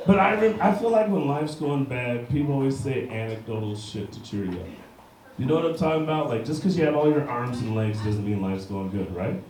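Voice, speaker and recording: A male comedian in his thirties doing a crude stand-up set on a bar stage in front of a live crowd, often shouting his punchlines. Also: medium pitch, animated, brisk, a little hiss or hum. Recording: distant mic with heavy bar room echo.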